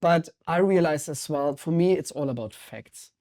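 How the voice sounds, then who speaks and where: A middle-aged man with a German accent talks as a guest in a podcast interview. He sounds energetic and emphatic, and his voice has a mellow, warm tone. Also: a little high, moderate pace. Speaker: guest, water sommelier.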